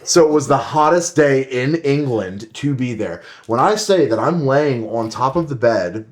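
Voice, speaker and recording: Young male podcast co-host, mid-pitched, comic ranter who swears a lot. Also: animated, a little slow. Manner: mock-indignant ranting, swearing. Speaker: podcast co-host, strongman competitor. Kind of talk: casual podcast chat with a comic rant.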